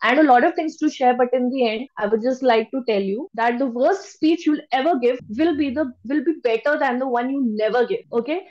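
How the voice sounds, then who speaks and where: A woman giving a public speaking lecture, stressing key words by shifting her pitch. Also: fairly quick, few pauses, a little mellow, dull audio. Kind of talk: lecture to an online audience.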